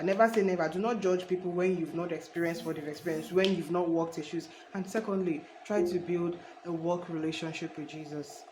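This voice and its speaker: A woman's voice: lowish voice, a little hiss or hum, low-quality recording. Earnest woman preaching casually. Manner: earnest and preachy, addresses viewer as honey; rambling with restarts. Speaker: faith vlogger. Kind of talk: casual faith talk to camera.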